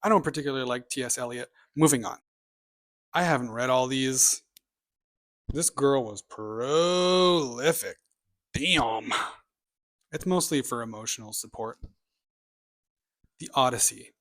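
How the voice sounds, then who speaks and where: A man's voice: medium pitch, normal speed, long pauses, fairly bright tone. Opinionated, rambling man chatting casually. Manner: opinionated, rambling, with offhand asides. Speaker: booktube vlogger. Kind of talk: casual chat about his bookshelf.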